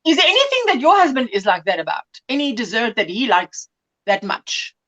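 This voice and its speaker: A chatty South African woman hosts a relaxed crafting livestream, greeting viewers one by one. Her voice sits high and moves around a lot. The sound is a little dull and lo-fi. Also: a little fast. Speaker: livestream host. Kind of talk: casual chat on a crafting livestream.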